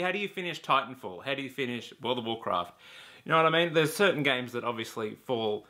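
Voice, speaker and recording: A man's voice: fairly high pitch, pushed and bright. A man ranting casually to camera about video games, blunt and exasperated, swearing freely. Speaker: YouTube games vlogger.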